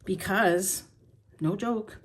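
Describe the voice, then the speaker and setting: A woman's voice: mid-range voice, drawn-out words. Woman planner vlogger, raw and blunt, shaken, heartfelt talk to camera, mid-range voice. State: shaken and emotional. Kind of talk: emotional journaling talk to camera.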